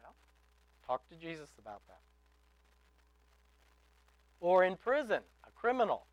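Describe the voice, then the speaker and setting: A man preaching a sermon in an emphatic way, building to loud exhortations and dropping to quiet asides. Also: high-pitched, big pitch swings, a little slow, dry recording, dull audio. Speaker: pastor.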